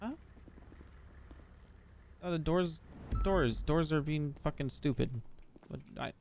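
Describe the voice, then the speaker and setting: A man's voice: fairly high pitch, slow pace, gravelly, a little mellow, a little hiss or hum. A man streaming a roleplay game, chatting casually in character and to viewers, swearing often and laughing through his lines.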